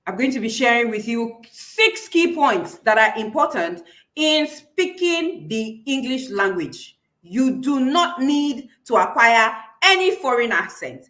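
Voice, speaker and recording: Bright Nigerian woman teaching online. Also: on the high side. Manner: encouraging, reads out chat comments, repeats key points. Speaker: public speaking coach. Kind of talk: live online class.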